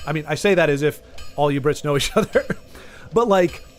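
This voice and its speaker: A man's voice: on the high side, fairly quick, soft background music. A man with a Southern US Texan accent, chatting casually to viewers while streaming a game. He rambles, trails off mid-thought and restarts his sentences. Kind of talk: casual chat while gaming, talking to viewers.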